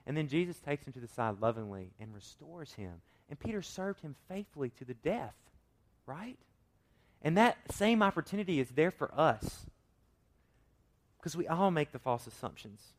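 A male pastor delivers a sermon with lively swings of pitch and volume. He rises to emphatic, forceful points, then drops into quiet, near-mumbled asides, and he keeps asking his listeners questions. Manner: animated preaching, shifting between loud emphasis and quiet asides; acts out quoted voices with rhetorical questions.

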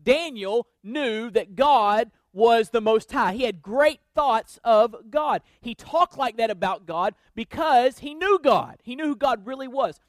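High-voiced preacher, dry close sound. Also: male voice, lively intonation, unhurried, few pauses, no room sound. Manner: emphatic preaching with repeated refrains. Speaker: pastor. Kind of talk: sermon.

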